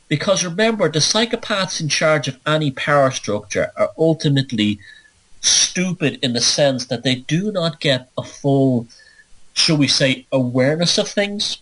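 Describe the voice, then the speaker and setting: A man's voice: a little high, expressive, moderate pace, a bit bright, poor audio. A man hosting a monologue podcast, ranting emphatically with sardonic, playful asides. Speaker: show host.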